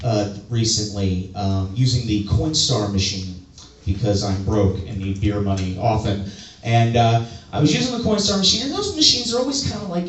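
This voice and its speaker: Rambling stand-up comic in an echoing room. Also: male voice, medium pitch. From US suburbs. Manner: rambling, self-mocking, swings into loud outbursts. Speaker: stand-up comedian. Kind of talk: stand-up comedy set. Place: comedy club stage. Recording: echoey room, mic from a distance.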